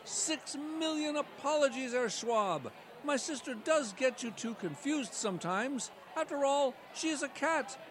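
A man's voice: very high-pitched, lively intonation, a little slow, a little hiss or hum. A man voicing a pompous male cat news anchor in a mock-formal broadcast delivery.

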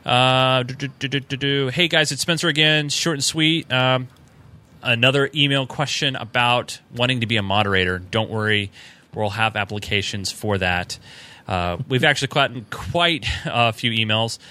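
Bright-voiced man reading listener emails. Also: mid-range voice, moderate pace, clear, resonant tone. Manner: reads emails aloud with fillers and chuckles. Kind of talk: casual podcast chat.

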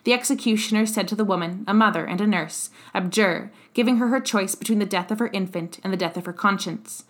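A woman reading the part of a dying old male revolutionary, bitter and fierce, in an even, measured way. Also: medium pitch, lightly acted. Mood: indignant. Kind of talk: audiobook character reading.

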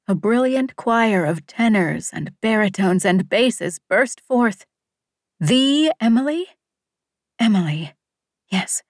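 A woman narrating a novel in the first person, measured and lyrical, dropping at times into a hush. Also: mid-range voice, no echo, studio quality. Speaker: audiobook narrator.

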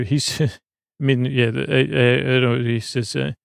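A man giving a rambling recap of a show episode, halting often with fillers and restarts. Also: mid-range voice, steady tone, gravelly, no echo, studio quality.

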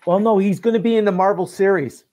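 A man with a high voice for his sex, talking casually in a group chat. He chimes in with bits of news. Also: fairly even intonation, fast talker, dark tone.

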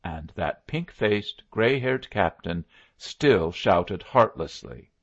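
A man narrates a story in the first person, with a gravelly, husky voice that sits low. His pitch moves expressively as he reads. The recording is dull and lo-fi. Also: animated, slow. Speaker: audiobook narrator.

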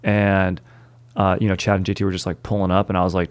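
A man's voice: deep voice, completely flat delivery, fast. A young adult man hosting a casual chat, telling stories in laid-back bro slang. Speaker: podcast host.

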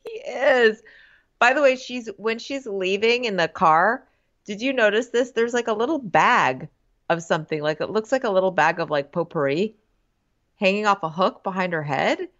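A woman's voice: mid-range voice, lively intonation, moderate pace, fairly bright tone. A woman co-hosting a casual comedy recap chat, chatty and quoting people in playful impressions. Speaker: podcast co-host. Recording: dull lo-fi audio.

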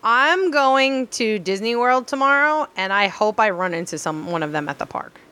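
A woman's voice: fairly high pitch, expressive, normal speed, pushed and bright, clear, resonant tone. A woman co-hosting a podcast, chatty and blunt, with many filler likes. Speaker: podcast co-host. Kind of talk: casual chat.

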